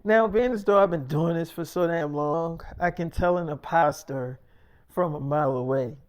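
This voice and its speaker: A man's voice: on the high side, moderate pace, darkish tone, clear, resonant tone. Rambling, cursing male storyteller. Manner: rambling, profane, boastful. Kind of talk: casual storytelling.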